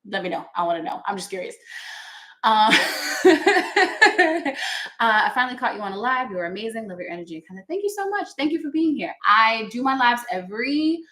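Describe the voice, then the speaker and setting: A woman's voice: a little high, a bit bright. A woman who teaches yoga, chatting casually with viewers on a livestream, earnest and laughing often as she reads comments aloud. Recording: echoey room.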